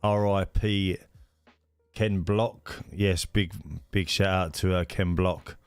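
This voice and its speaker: A man's voice: sits low, steady tone, takes it slowly, clear, resonant tone, dry recording, faint music behind. A man hosting a live stream of a racing league, chatting casually and greeting viewers by name with lots of fillers.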